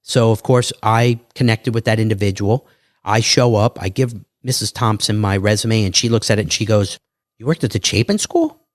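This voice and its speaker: A man, a guest on a podcast, telling his life story in a lively way and acting out other people's lines. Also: fairly low pitch, dry recording. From New York. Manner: animated, quick storytelling with acted quotes.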